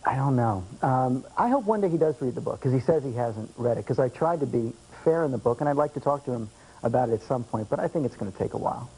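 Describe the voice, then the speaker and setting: A man in his thirties, a guest on a late-night show, tells dry, self-deprecating stories. His voice is gravelly and a little husky. The sound comes off an old VHS broadcast tape. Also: medium pitch, expressive, fast talker, dark tone, poor audio. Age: 30s. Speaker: talk show guest, former political adviser. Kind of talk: anecdotal storytelling. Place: TV studio. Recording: VHS archive tape with faint hiss.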